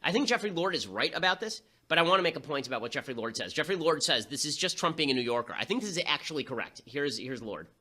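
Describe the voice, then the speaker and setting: Guy talking super fast, sarcastic political rant, bright cutting voice, kinda high. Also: very animated. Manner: rapid-fire, sarcastic, quick asides. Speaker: host. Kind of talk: political commentary monologue.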